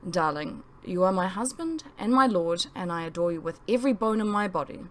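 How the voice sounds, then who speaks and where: A gentle lady speaking softly and steadily to calm her husband, voiced by a woman reading her novel. Her tone stays quiet and soothing. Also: lowish voice, a little fast, lightly acted.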